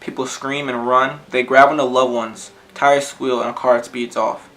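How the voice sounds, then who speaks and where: A man reciting his own spoken-word poem in an earnest, measured way. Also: mid-range voice, little pitch movement, a bit bright, rough recording. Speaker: poet, podcast co-host.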